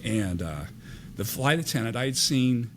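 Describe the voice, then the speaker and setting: A man's voice: medium pitch, normal speed, a little hiss or hum. An older man, a retired airline captain, telling stories in a casual podcast interview and acting out the dialogue. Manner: animated anecdote teller, acts out quoted dialogue.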